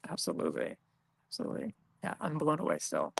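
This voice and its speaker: A man's voice: fairly high pitch, wildly swooping pitch, quick pace, creaky, background noise. A man co-hosting, chatting casually about a reality game, thoughtful and full of fillers. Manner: thoughtful, many fillers like "you know" and "kind of". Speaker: co-host of the broadcast. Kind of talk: casual commentary chat.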